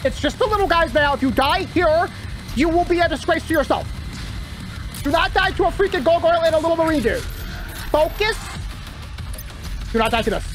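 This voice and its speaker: A man giving live gameplay commentary, excitable, talking to himself and yelping when things go wrong. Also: very high voice. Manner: excitable, talks to himself, yelps when panicked. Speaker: gaming channel host.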